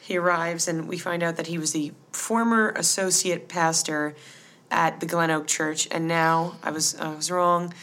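Chatty woman with a low-set voice. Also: steady tone, moderate pace, a bit bright. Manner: rambling, laughs often, many "like" fillers. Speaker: podcast co-host. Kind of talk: casual recap chat.

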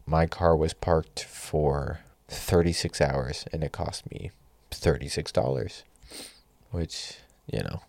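A man's voice: rumbling low, gravelly, darkish tone, no room sound. A young man hosting a solo podcast, ranting with exasperation and lots of swearing. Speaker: podcast host.

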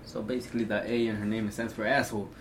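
A teenage man in casual chat, talking haltingly with lots of ums and slang. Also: lowish voice, little pitch movement, slight background noise. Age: teens. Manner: halting, filler-heavy with slang. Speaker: co-host.

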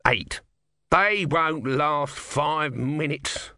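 A small, bad-tempered male god stuck in a tortoise's body, heckling with testy sarcasm and no patience at all. A man acts him out for an audiobook, pitching him a bit above his own voice. The reading is close and dry. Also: very slow, sharp tone, no echo, full character voice. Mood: irritable.

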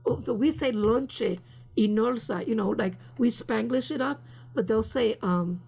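Older woman, gravelly husky voice. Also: fairly high pitch, a little slow, darkish tone. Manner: rambling, many fillers, slips into Spanish phrases. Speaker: interviewee. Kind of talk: casual storytelling.

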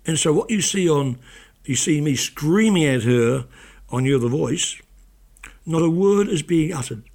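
Middle-aged male guest, husky gravelly storyteller, chatty and repetitive. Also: a little high, animated, a little slow, a little mellow. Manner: anecdotal storyteller, repeats words when starting sentences. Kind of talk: casual chat.

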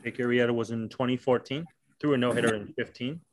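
A man's voice: mid-range voice, fairly even intonation, quick pace, no room sound. A man hosts a casual sports podcast in an ordinary, mid-range voice. He quizzes his co-host on trivia and teases him along the way. The tone stays loose and conversational.

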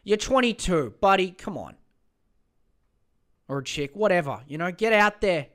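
A man's voice: on the high side, big pitch swings, moderate pace, fairly bright tone. A man hosting a casual solo podcast, rambling and swearing, muttering to himself and mocking himself as he searches for material. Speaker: podcast host.

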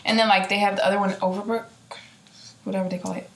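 A woman's voice: mid-range voice, little pitch movement, quick pace, vocal fry. Young woman, philadelphia accent, laid-back slangy chat, echoey room, faint hum. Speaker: podcast co-host. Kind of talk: casual chat. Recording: roomy echo with faint background hum.

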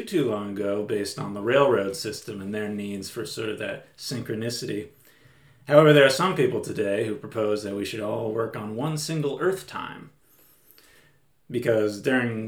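A man chats as a podcast guest, rambling along and restarting his sentences. His voice is middle-pitched. It is recorded in a roomy, echoey space. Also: creaky. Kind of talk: casual chat. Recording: roomy echo.

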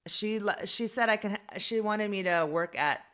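A woman from the United States, a comedian guest telling a long story in casual chat, animated and full of fillers. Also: medium pitch, moderate pace, dull audio. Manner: animated and rambling, many fillers.

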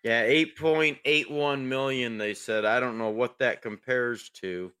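A man's voice: medium pitch, fairly even intonation, unhurried, sharp tone, clear, resonant tone. A man co-hosting a racing podcast in casual chat, easygoing, asking questions and searching for words. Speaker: podcast co-host.

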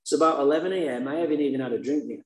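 A man candidly telling a personal recovery story, blunt and profane with dark humor. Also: fairly high pitch, racing. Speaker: speaker sharing his recovery story. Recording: roomy echo.

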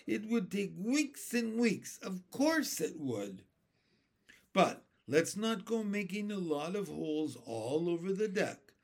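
A kindly old grasshopper speaks with fatherly reassurance, voiced by a man reading aloud. The storybook voice is raised in pitch and animated. The pace is slow and measured.

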